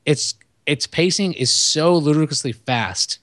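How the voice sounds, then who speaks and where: A man co-hosting a podcast, chatting casually about movies in a rambling, profane, animated way. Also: on the high side, measured pace, dry recording. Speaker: podcast co-host.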